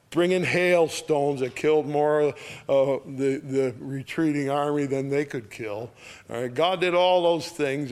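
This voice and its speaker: A man teaches through a Bible passage in a folksy, conversational way, keeping his listeners along with frequent "all right?" checks. His voice is mid-pitched and ordinary. Scripture readings come louder and quicker than his homespun explanations. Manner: casual, homespun speech with asides like "all right?". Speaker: preacher. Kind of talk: folksy verse-by-verse sermon.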